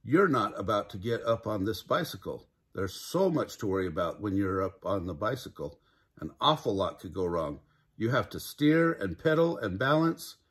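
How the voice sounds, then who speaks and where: A man's voice: lowish voice, very animated, normal speed, slightly rough. An older man voicing an anxious walrus who rambles on about every possible disaster, read from a children's storybook. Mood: fretful.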